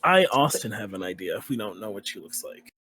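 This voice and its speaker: A tabletop player chatting casually with a joking, expressive manner. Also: medium pitch, brisk, slight background noise.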